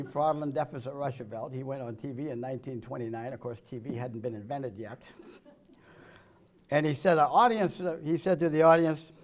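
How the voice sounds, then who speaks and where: A man with a slightly higher than usual voice giving a joke-filled political speech. He delivers one-liners, chuckles at his own punchlines, and drops from loud jabs to low asides. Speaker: political speaker.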